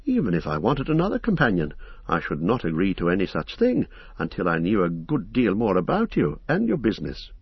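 A man voicing a cautious, earnest young male hobbit in an audiobook, raising his pitch above his own. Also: wildly swooping pitch, fairly quick, husky, dry recording, muffled recording, full character voice. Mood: wary. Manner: wary, earnest, indignant. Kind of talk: audiobook character voice.

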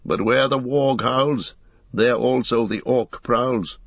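A man's voice: mid-range voice, takes it slowly, slightly rough, no echo, voice pushed up. A man reading the part of a weary, earnest ranger in an audiobook, speaking in a heavy, grim way. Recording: dull lo-fi recording.

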